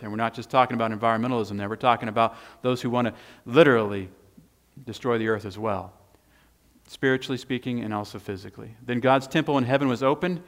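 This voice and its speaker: A man preaching a sermon and reading scripture aloud, animated and emphatic, pointing to a handout. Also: medium pitch, fairly quick. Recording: long hall reverb.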